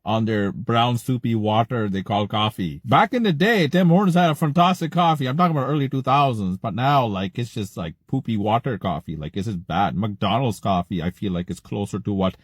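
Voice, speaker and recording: A man's voice: fairly low pitch, fairly quick, few pauses, slightly rough, no echo, clean studio sound. A man, ranting indignantly and bluntly in a casual vlog, repeating himself.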